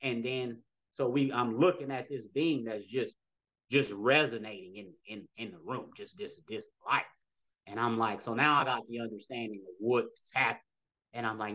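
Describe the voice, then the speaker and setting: A man's voice: medium pitch, moderate pace, sharp tone, lo-fi sound. A man telling a personal story as a podcast guest, rambling and acting out dialogue with frequent "you know" asides.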